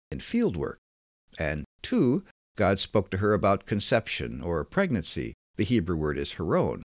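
A man reading a scripted Bible lesson in a measured, emphatic way. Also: lowish voice, no room sound, studio quality. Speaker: Bible teacher.

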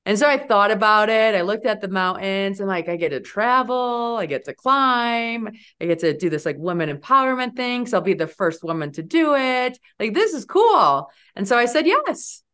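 A woman in her forties, a guest on an interview podcast, telling a story in a lively way and jumping up in pitch when she quotes herself. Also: normal speed, few pauses, clean tone. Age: 40s. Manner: animated, leaps high when quoting herself.

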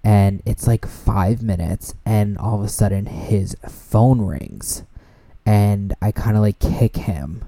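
A young man hosting a podcast, telling a story in a casual, animated way, swearing freely and using lots of fillers. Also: on the low side, slow pace, gravelly, no echo. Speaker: podcast host.

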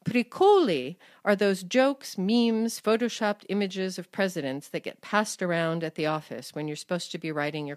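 A woman's voice: medium pitch, no echo. Wry woman narrating language tips. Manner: reads Russian examples then English translations, dry wry asides. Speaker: language columnist reading her column. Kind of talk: scripted narration.

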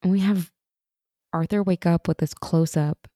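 A woman with a lowish voice co-hosts a casual TV recap podcast at a moderate pace, animatedly retelling scenes, acting out the characters' lines, and laughing often. The recording is studio quality, with no room sound.

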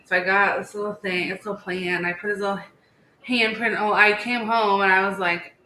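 A woman in her thirties, co-hosting a podcast in casual chat, telling stories in a chatty, animated way with many "like"s. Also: mid-range voice, moderate pace. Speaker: podcast co-host. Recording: echoey room with faint background hiss.

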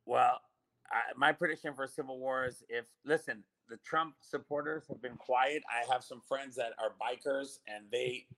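Man, 50s, bright forceful tone, animated storyteller, casual podcast talk. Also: medium pitch, normal speed, low-quality recording. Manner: animated storyteller, lively retelling of arguments.

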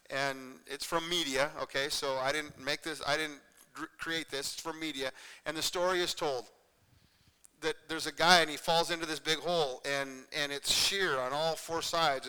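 In this sermon, a male pastor speaks earnestly and repetitively, keeping it conversational with frequent "okay?" check-ins to the congregation. His somewhat high voice comes across bright and crisp, trailed by a long reverb from the church hall.

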